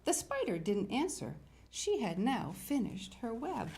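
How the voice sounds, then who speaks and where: An older woman hosting a children's show, reading a picture book aloud and chatting warmly to young viewers. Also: fairly high pitch, a little slow, gravelly. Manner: animated, storytelling, talks to young viewers. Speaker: children's TV host.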